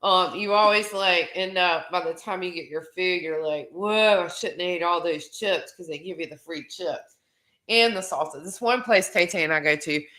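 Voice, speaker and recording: An easygoing woman co-hosting a casual podcast who chimes in often with quick agreement. Her voice is very low for a woman, yet bright and forceful, and she speaks at a relaxed conversational level. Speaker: podcast co-host. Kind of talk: casual chat.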